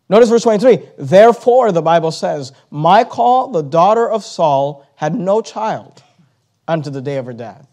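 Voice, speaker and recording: A man's voice: high-pitched, animated, normal speed, warm tone. A man preaching a sermon, acting out imagined conversations with sudden rises and drops in his voice. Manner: acts out imagined dialogue, rises and falls sharply.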